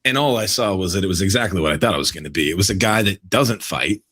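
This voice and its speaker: A man's voice: low voice, lively intonation, quick pace, fairly bright tone, husky. A man co-hosting a casual sports podcast, emphatic and repeating his points for effect. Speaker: podcast co-host.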